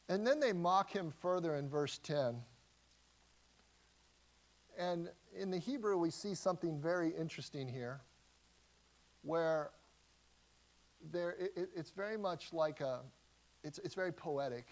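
A man preaches through a passage verse by verse, his voice sitting a little higher than most men's. He talks to the congregation conversationally, restarting phrases and rising with emphasis. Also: measured pace, long pauses. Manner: conversational, animated teaching with frequent restarts. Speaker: pastor. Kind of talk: expository sermon.

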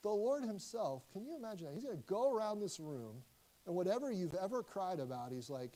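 Man preaching, mellow, conversational. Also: high-pitched, sing-song, low-quality recording. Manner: conversational preaching with many restarts and emphatic slow lines. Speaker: pastor. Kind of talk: sermon.

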